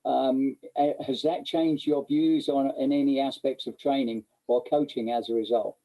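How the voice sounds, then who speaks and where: A man interviewing a guest, asking long questions in measured, formal phrasing. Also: mid-range voice, fairly even intonation, highs cut off.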